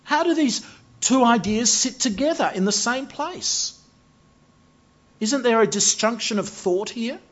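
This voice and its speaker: A man preaching a sermon, earnest and measured, building to emphatic rises. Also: extremely high pitch, lively intonation, a bit bright. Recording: dull lo-fi sound.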